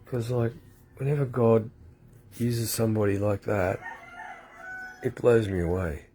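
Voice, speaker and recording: A man's voice: lowish voice, measured pace, dark tone, slight background noise. A man, rambling emotionally through a personal faith testimony in a vlog, often repeating himself and welling up. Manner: emotional, repetitive, tearful at times. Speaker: vlogger.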